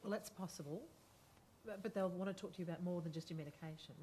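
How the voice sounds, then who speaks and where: A woman playing a supportive friend in a role-play, speaking gently and patiently to reassure him. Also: fairly low pitch, fast, a little hiss or hum, natural voice. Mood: calm. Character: calm supportive friend talking someone down.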